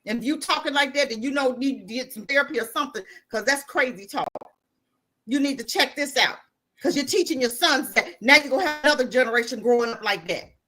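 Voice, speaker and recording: A woman's voice: high-pitched, quick pace, pushed and bright. A woman giving blunt, impassioned commentary as a guest on a podcast.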